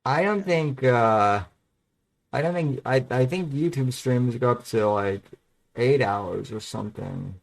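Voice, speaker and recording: A man chatting casually on a livestream, hesitant and halting. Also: mid-range voice, vocal fry. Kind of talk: casual group chat on a livestream.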